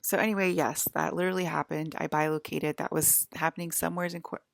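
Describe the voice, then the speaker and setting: Low, gravelly woman ranting. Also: flat delivery, quick pace, no room sound, studio quality. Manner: rambling, agitated and profane, many fillers and restarts. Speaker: vlogger. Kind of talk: rambling monologue to viewers.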